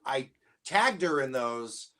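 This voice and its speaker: A man's voice: mid-range voice, animated, slow pace, bright, forceful tone. A man as a guest in a casual live-stream chat, rambling and self-deprecating and often trailing off mid-thought.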